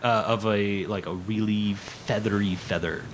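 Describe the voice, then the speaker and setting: A man with a low-pitched voice runs a tabletop game, narrating playfully and dropping into character voices. A faint hum of noise sits behind him. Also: steady tone, unhurried. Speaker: game master.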